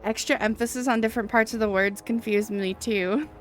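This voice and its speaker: A woman's voice: on the high side, fairly even intonation, brisk, faint music behind. A woman with a Minnesotan accent chatting casually on a live stream, musing and self-deprecating.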